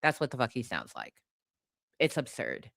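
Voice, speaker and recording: A woman's voice: very deep voice, wildly swooping pitch, normal speed, vocal fry, fairly bright tone, slight background noise. A woman commentator in a casual opinion rant, blunt and profane, hammering her points by repeating them. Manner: emphatic, repeats points for force.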